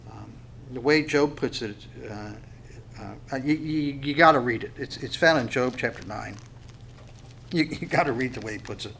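A man preaching a sermon, earnest and halting, with plenty of stumbles and restarts. His voice sits at a middle pitch, and now and then he surges into loud, stressed lines. A faint hiss of noise runs behind him. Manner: earnest, halting, with many restarts and sudden bursts of emphasis. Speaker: pastor.

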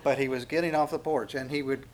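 Animated middle-aged male pastor preaching. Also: mid-range voice, fast. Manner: animated, acts out quotes and asides. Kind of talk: sermon. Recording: faint background noise.

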